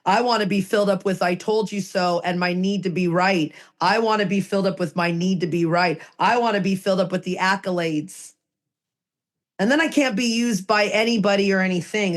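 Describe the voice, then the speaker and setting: Woman podcast co-host, earnest and emphatic, mid-pitched voice. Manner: earnest, emphatic, repeats phrases for effect. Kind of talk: casual recovery podcast talk.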